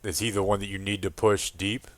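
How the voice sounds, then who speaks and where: A man with a low voice hosts a casual chat and breaks in with short, plain questions. The sound is dry and close. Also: little pitch movement, brisk, no echo. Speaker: podcast host.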